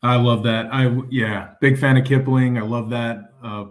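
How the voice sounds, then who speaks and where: A man, a military veteran, talking casually on a podcast in an earnest, measured way. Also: mid-range voice, fairly even intonation.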